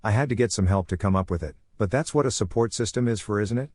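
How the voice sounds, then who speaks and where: A man's voice: on the low side, quick pace, a little mellow, no room sound, studio quality, natural voice. A man reading the lines of a cocky, sarcastic young male ninja in a fan fiction reading, in a blunt way.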